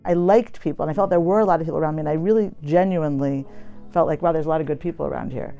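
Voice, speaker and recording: A woman's voice: sits low, racing, vocal fry, warm tone, lo-fi sound, faint music behind. An American woman, a poet and academic, telling a personal story in a chatty, reflective way with many fillers. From United States.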